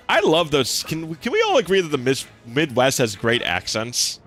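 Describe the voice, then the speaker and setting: A man's voice: a little high, huge pitch swings, normal speed, fairly bright tone. Chatty young man streaming a game. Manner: rambling, chatty, lots of fillers and restarts. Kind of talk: casual gameplay commentary. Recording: faint game music behind.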